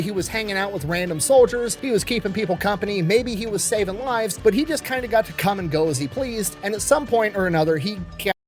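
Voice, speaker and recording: A man telling a history story in a casual, wry, profane way. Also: sits high.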